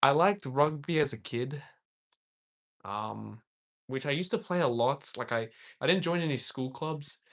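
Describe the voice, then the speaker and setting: A man's voice: medium pitch, a little slow. A young man from Australia, casually chatting on a livestream, rambling and reading viewer comments aloud with frequent laughs. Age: young adult. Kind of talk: casual live-stream chat.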